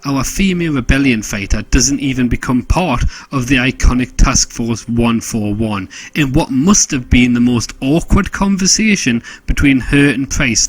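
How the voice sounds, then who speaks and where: Sarcastic husky man. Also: medium pitch, no echo. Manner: sarcastic, joke-heavy. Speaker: game reviewer. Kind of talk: scripted comedic review narration.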